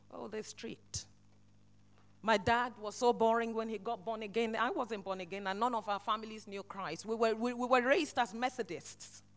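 A woman preaching a sermon in church, swinging between loud, impassioned exhortation and soft, hushed lines. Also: fairly high pitch.

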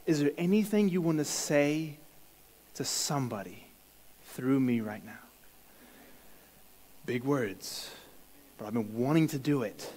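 A man sharing a personal testimony in a sermon, telling the story with animated stammered restarts and bursts of laughter. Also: mid-range voice, in a large hall, poor audio. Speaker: church speaker sharing a testimony.

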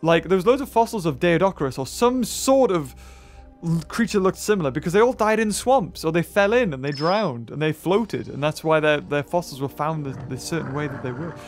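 A man hosting a let's-play, rambling excitably as he thinks aloud and corrects himself. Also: on the high side, a little fast, faint music behind. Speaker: gaming channel host. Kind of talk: let's-play game commentary.

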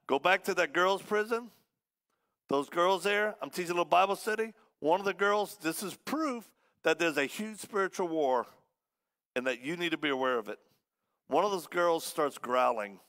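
A man preaching as a guest, telling a story in a lively way and acting out the voices of the people in it. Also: on the high side, moderate pace. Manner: animated, acts out quoted voices. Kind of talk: storytelling sermon.

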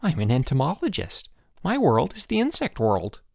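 A man voicing a fussy, excitable boy who studies insects and fish, shrieking and wailing when upset. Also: mid-range voice, normal speed, gravelly, no echo, studio quality, pitched above the performer's own voice, heavily acted.

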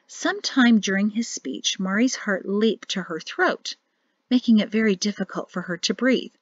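A woman's voice: mid-range voice, moderate pace, dry recording, lo-fi sound. A woman narrating a novel as an audiobook reader, reading expressively. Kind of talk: scripted narration.

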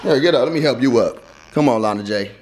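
A man's voice: mid-range voice, animated, fast, heavy background noise. A young man vlogging at home, playfully coaxing his baby to walk while chatting to viewers. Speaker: vlogger parent. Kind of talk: casual family vlog. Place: family home.

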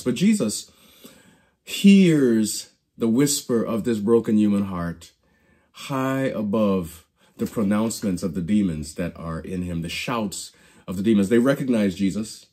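Male Bible teacher, preacherly storyteller, dark and slightly husky, restarts phrases. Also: fairly low pitch, expressive, unhurried. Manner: preacherly storytelling, acts out quoted lines. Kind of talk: Bible study lesson.

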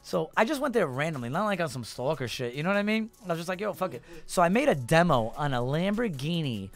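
A man in his thirties, a rapper guest, telling a long story in a lively, profane way and acting out the people in it. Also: a little high, fast talker, soft background music. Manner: animated, profane, acts out voices in his story. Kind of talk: casual storytelling.

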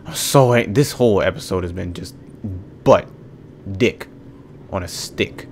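Gamer guy, low-pitched, slangy and fed up, talking through his own gameplay with soft music under him. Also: a little slow. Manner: exasperated, ranting, muttering to himself; casual slangy talk. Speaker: gaming channel host. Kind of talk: let's play commentary.

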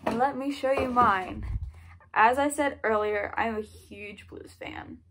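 A woman with a fairly high voice talks through a gift haul in a casual vlog. She gushes with excitement and chats freely as she shows each item. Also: unhurried, noisy background. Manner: gushing and excited, chatty. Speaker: vlogger.

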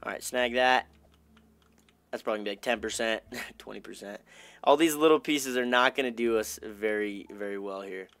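A man's voice: on the low side, fairly quick, clear, resonant tone, dry recording. A young man giving casual, chatty commentary over his own gameplay, talking to himself and his fans. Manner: chatty, self-talking, upbeat, bursts of excitement. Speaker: gaming YouTuber.

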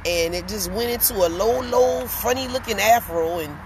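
A woman talks to her viewers on a phone live stream and tells her story with lively energy. She sits in a car, and faint road noise hums behind her voice. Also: medium pitch, moderate pace. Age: 40s. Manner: chatty, animated storytelling, greets viewers by name. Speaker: vlogger. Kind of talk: casual live-stream chat. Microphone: phone camera.

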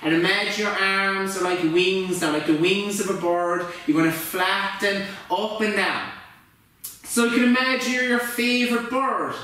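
A man leading a kids' yoga class with gentle, playful, encouraging instructions. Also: high-pitched, unhurried. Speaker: yoga teacher. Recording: echoey room, mic far off.

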